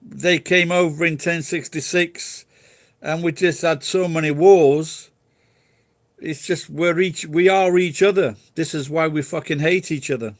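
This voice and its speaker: Brief: English man, casual rambling chat, swears a lot, slightly high voice, dry sound. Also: a little slow, dry recording. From England. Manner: rambling, swears freely, laughs easily.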